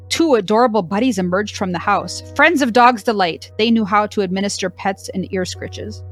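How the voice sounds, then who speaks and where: A woman's voice: medium pitch, fairly bright tone, lightly acted. A woman voicing a sassy, dramatic deaf female cow dog, reading her diary with a dry, mock-dramatic delivery.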